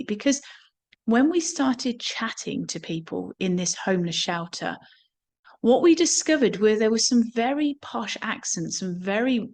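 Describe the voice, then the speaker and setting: A woman from England, giving an earnest, reflective teaching talk on somatics and often repeating words as she thinks. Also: medium pitch.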